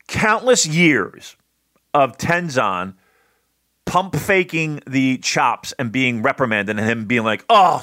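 A man co-hosting a podcast, talking in a rambling, excitable way and swearing freely. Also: medium pitch, no echo, clean studio sound. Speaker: podcast co-host. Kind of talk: casual wrestling review chat.

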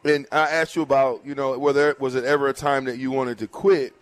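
A man's voice: mid-range voice, level tone, fairly quick, no room sound. A man hosting a radio interview who chats casually and brings in his own experience. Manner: conversational, relates own experience. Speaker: radio show host.

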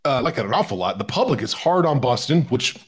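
A man's voice: mid-range voice, big pitch swings, quick pace, crowd noise. A man co-hosting a sports betting podcast, chatting casually about where the money and public are.

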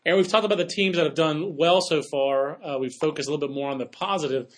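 A man co-hosting a baseball podcast, talking in a quick, chatty way with joking asides. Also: a little high. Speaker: podcast co-host. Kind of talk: casual sports talk.

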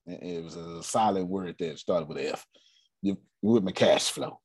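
A man coaching a live audience on business cash flow, animated and repetitive. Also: low-pitched, normal speed, husky, no echo. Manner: animated, repetitive, drops into playful put-on voices. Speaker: finance coach. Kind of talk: live online business teaching.

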